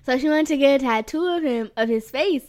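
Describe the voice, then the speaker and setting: A woman's voice: high voice, fairly quick. A young woman co-hosting a podcast, telling a story in casual chat, laughing often and filling her talk with "like". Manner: giggly storyteller, lots of "like". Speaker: podcast co-host.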